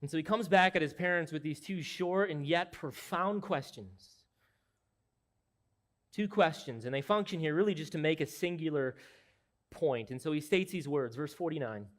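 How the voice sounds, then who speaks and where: A man delivers an expository sermon from the pulpit, earnest and emphatic as he explains the text. His voice sits a little higher than most men's. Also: measured pace, pauses often. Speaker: pastor.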